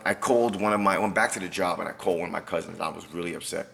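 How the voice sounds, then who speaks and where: A man's voice: deep voice, racing, gravelly, fairly bright tone. A middle-aged man, a personal trainer guest, telling a personal story in a casual interview and acting out the dialogue vividly.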